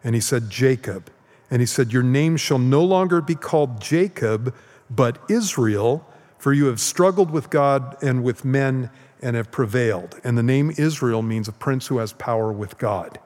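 A male pastor gives a relaxed Bible lesson and keeps checking in with his listeners. His voice sits at an ordinary pitch for a man. A long hall reverb trails after his words in a church sanctuary. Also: normal speed. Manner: casual, checks in with "okay?" and "right?". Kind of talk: conversational Bible teaching.

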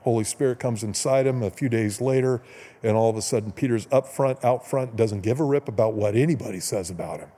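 A man's voice: mid-range voice, warm tone. Man preaching in a reverberant hall. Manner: conversational storytelling, quick asides and chuckles. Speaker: pastor. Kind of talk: sermon. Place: church sanctuary.

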